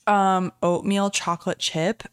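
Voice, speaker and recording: A woman's voice: mid-range voice, level tone, measured pace, smooth, dry recording, studio quality. A woman in her late twenties co-hosting a podcast, talking in an upbeat, chatty way that is full of "like". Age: late 20s. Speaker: podcast co-host. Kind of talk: casual chat.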